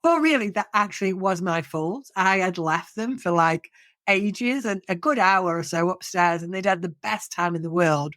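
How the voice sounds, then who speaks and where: A middle-aged woman speaks in a fairly low register, sounding dry and close to the mic. She talks casually on a podcast. She tells stories animatedly and often restarts her sentences. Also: no room sound. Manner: animated storytelling, many restarts and self-corrections. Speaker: podcast co-host.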